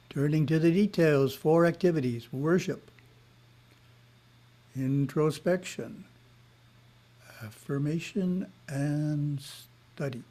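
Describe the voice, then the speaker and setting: A man giving a spiritual lesson in a webinar, reading in a measured way with short asides, heard over a video call. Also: a little high, warm tone. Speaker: spiritual teacher.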